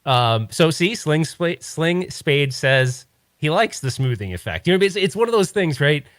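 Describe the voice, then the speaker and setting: A man's voice: fairly high pitch, sing-song, moderate pace, a bit bright, no room sound, clean studio sound. A man hosting a podcast, talking in a rambling, opinionated, casual way. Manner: rambling, opinionated, many restarts. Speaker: podcast host. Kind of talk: casual chat.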